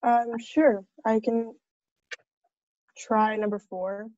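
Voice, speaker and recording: A woman student answers questions in an online class, slowly and tentatively. Her voice is mellow and flat in pitch. The video call audio is dry and dull. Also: dry recording.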